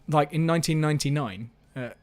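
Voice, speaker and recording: A man's voice: a little high, brisk, a little mellow. A man hosting a casual live-stream chat, rambling and self-mocking, with frequent restarts. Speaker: host.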